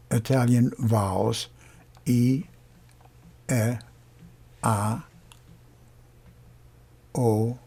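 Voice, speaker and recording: A man teaching a lesson on vowels, explaining slowly and demonstrating each sound aloud. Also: medium pitch, gravelly, dark tone, husky. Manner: unhurried, pausing often, demonstrating sounds. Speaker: singing teacher.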